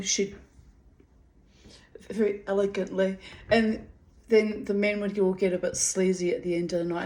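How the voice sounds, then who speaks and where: A woman reading her old diary entries aloud and breaking off into animated, laughing, rambling asides. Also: on the low side, low-quality recording. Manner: animated, laughing, digressive storyteller.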